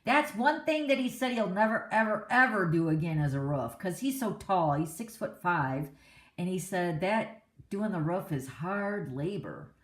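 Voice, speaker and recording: A woman's voice: on the low side, lively intonation, a little slow. A middle-aged woman hosting a card-making class, chatting in a rambling, casual way and laughing often. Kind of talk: casual chat during a live stream. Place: home craft classroom. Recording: echoey room.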